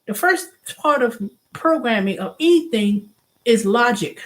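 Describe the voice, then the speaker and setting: A woman's voice: a little high, unhurried. Middle-aged woman venting in a casual vlog. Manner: animated venting, acts out quoted voices; restarts and repeats herself. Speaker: show host.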